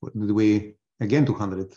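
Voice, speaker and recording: A man's voice: fairly low pitch, normal speed, mellow. A man hosting a live trading webinar, thinking aloud as he trades, often restarting his sentences and tossing in joking asides. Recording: dull lo-fi webinar audio.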